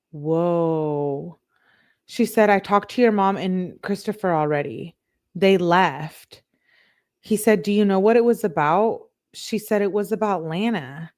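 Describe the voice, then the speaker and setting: On a live stream, a true crime channel host reads text messages aloud, delivering the quoted lines flatly and pausing to chat with her viewers. Her voice is medium-pitched.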